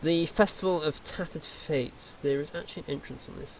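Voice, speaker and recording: A man's voice: on the high side, brisk, vocal fry, slight background noise. A man running a tabletop role-playing game, explaining lore in a rambling way with lots of fillers. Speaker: game master.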